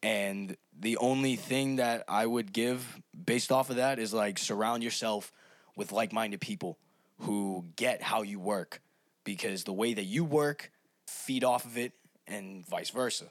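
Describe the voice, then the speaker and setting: A young man with a deep voice talks in a relaxed, earnest way as a podcast guest. His pitch sits low, and the recording is dry with no room sound. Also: unhurried, dry recording. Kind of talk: casual podcast chat.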